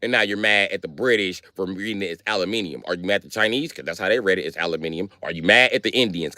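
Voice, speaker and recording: An American man with an American accent, ranting on a live stream in a loud, profane, animated way. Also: sits low, fast talker, few pauses, dry recording, studio quality. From United States.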